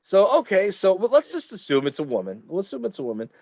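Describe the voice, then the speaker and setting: A man's voice: sits high, wildly swooping pitch, fast talker, darkish tone, no room sound. A man co-hosting a podcast in a casual chat, joking, crude and emphatic. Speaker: podcast co-host.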